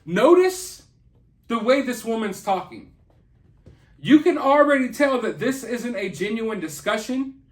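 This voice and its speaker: A man's voice: very high-pitched, big pitch swings, a little slow. A man hosting an opinion commentary vlog, talking in an indignant, emphatic and mocking way. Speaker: commentary channel host.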